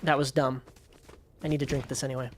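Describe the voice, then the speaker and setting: A young man live-streaming a video game, chatting casually with his viewers, swearing and yelling excitedly when things get tense. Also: mid-range voice, fast talker, a little hiss or hum.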